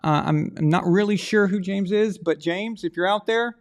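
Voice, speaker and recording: A man with a fairly high, gravelly voice, hosting a live stream. He rambles in a loose, chatty way and talks straight to the people watching as he runs a draw. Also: moderate pace. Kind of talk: casual live stream chat, running a prize draw.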